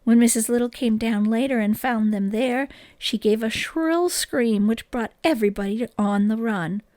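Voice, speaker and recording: A woman reading a children's book aloud in an expressive, gentle storytelling manner, close to the microphone. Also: fairly high pitch, moderate pace, no room sound.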